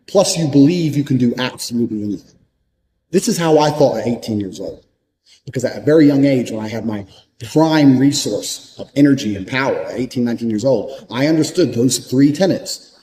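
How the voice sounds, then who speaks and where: Blunt, profane man with a dark voice. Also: medium pitch, rough recording. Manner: repeats points for emphasis. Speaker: motivational speaker. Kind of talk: motivational monologue.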